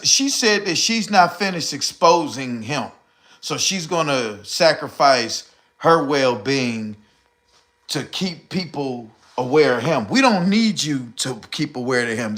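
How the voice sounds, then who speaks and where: A man's voice: mid-range voice, a bit bright. A middle-aged man hosting a live stream, chatting casually and reading comments in rambling slang, often short of breath.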